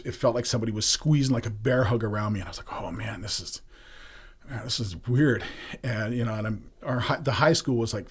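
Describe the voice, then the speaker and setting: Middle aged guy, husky low voice, tellin his story straight, kinda raw and emotional. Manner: candid, earthy, emotional retelling. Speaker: podcast guest. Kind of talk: personal storytelling.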